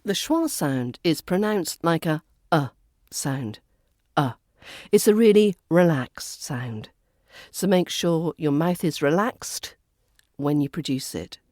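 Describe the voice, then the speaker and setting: A woman with a Southern English accent teaching pronunciation on a podcast, repeating example words slowly and clearly. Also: low voice, lively intonation, dark tone, dry recording, studio quality. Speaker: accent coach. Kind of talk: podcast lesson.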